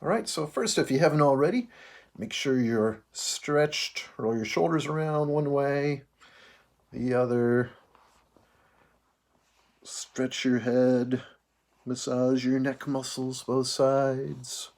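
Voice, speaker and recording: A man leading a choir through breathing and vocal warm-ups, calm and patient, counting out each breath. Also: mid-range voice, takes it slowly, creaky, long pauses. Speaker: choir director.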